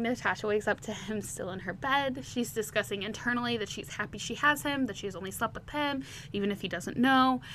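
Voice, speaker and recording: A woman's voice: fairly high pitch, a bit bright, slight background noise. A woman hosting a podcast, recapping a romance novel chapter by chapter in a chatty, candid way, laughing now and then. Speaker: podcast host. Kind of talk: casual book recap.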